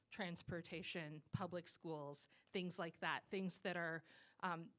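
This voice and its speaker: A woman's voice: medium pitch, a bit bright, clean tone. A woman who co-founded a civic group and works as a citizen lobbyist, giving a casual, chatty talk to an audience and rambling with frequent fillers. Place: speaking at a live event with a microphone.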